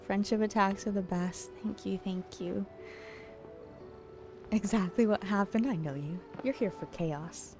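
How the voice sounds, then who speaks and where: A woman streaming a game late at night, chatting casually and playfully with her viewers, teasing and giggling and sometimes dropping to a hush. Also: medium pitch, unhurried, music in the background. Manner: drops to a hushed late-night voice at times. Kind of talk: casual chat with live viewers.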